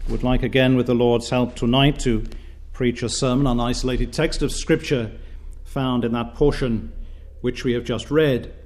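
Measured man preaching a sermon. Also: mid-range voice, darkish tone. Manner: measured, formal, with frequent "uh" fillers. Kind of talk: sermon with scripture reading.

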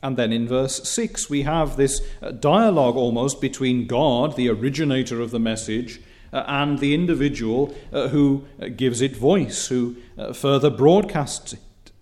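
A man preaching a sermon in a measured, repetitive cadence that builds in emphasis, with occasional hesitant fillers. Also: mid-range voice, darkish tone.

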